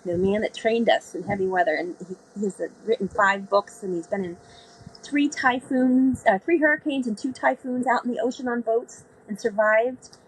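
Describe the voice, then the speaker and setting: Husky woman telling a sailing story. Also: fairly high pitch, moderate pace, rough recording. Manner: animated storyteller, acts out quoted speech. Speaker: guest, sailor. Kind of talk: storytelling interview.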